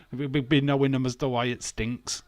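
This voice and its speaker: A man's voice: mid-range voice, no echo. Blunt, swearing man ranting casually. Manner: blunt, swears freely, laughs often. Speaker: wrestling watch-along streamer.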